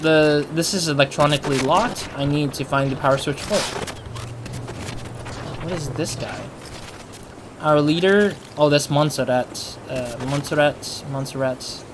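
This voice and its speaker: A man's voice: fairly high pitch, a little slow, noisy background. A man chatting casually as he plays a video game, thinking aloud. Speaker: let's player. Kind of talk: casual gaming commentary.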